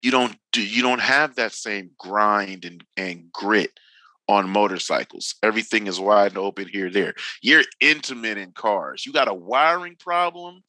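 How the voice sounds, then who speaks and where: A man's voice: fairly low pitch, a little slow, sharp tone, no echo, rough recording. A man in his forties from Northern California, a podcast guest chatting casually, telling slangy, profane stories and acting out what people said. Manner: loose slangy storytelling, swears freely, acts out quotes. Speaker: podcast guest, drifting veteran. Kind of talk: casual chat.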